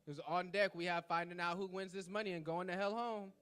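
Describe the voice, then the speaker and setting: A man hosting a poetry slam, loudly announcing judges' scores and calling up poets. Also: high-pitched, fairly even intonation, a little fast, clean tone. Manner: loud, hyping up the crowd. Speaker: slam host.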